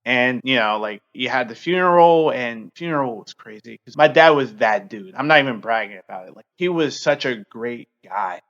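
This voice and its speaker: A man in his thirties hosting a podcast, telling a personal story in an earnest, open way, halting and full of fillers. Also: mid-range voice, animated, a bit bright, lo-fi sound. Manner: halting, heavy use of fillers. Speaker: podcast host.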